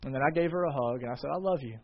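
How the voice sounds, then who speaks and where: A man in his thirties preaching a sermon, swinging between loud emphatic passages and quiet, confiding ones. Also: mid-range voice, rapid-fire. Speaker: pastor. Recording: dull lo-fi sermon audio.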